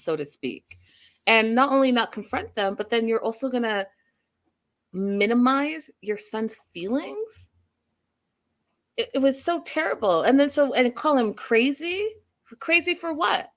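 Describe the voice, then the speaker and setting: A woman hosting a casual recap and review, giving her opinions openly and speaking straight to her viewers. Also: a little high. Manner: opinionated, animated, addresses viewers directly. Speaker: host.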